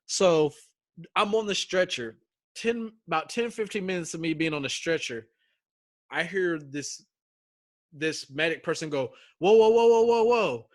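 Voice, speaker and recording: A man's voice: on the high side, measured pace, pauses often, a bit bright, no room sound, studio quality. A young man telling a survival story in casual chat, acting out quotes with slang and swearing.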